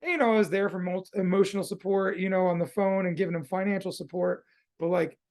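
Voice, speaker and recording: Laid-back gravelly man hosting a podcast. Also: sits high, fairly even intonation, fast, darkish tone. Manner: laid-back, slangy, swears freely. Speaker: podcast host. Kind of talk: casual conversation.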